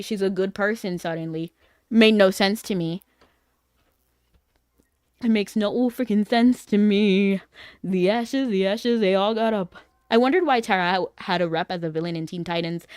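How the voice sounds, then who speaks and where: A woman's voice: medium pitch, a little mellow, smooth, no echo, clean studio sound. A woman streaming a game, chatting casually with her viewers in a rambling, filler-heavy way and laughing easily.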